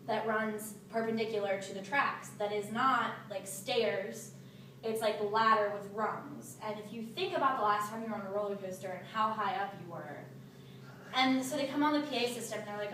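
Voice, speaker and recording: A young woman casually telling a funny story to a small group, animated and laughing, with many fillers. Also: mid-range voice, moderate pace, slight background noise. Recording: roomy, distant mic, faint ambience.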